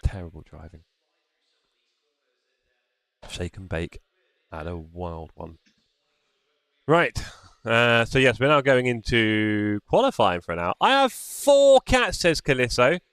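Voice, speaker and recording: Streamer host: man, lively teasing patter, dry close mic. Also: lowish voice, takes it slowly, pauses often, clear, resonant tone, no echo. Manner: chatty, teasing, reads chat aloud. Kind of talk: casual live-stream chat.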